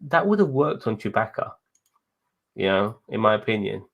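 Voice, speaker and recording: Low, gravelly man swearing casually. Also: very animated, normal speed, highs cut off. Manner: profane, rambling, laughs while talking. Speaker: podcast co-host. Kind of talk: casual chat.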